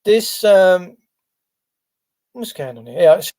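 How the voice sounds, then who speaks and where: Male stream host: a touch high, mellow and soft-edged, loose and chatty. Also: lively intonation, slow. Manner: rambling, chatty, lots of fillers. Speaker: livestream host. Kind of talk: casual live-stream chat.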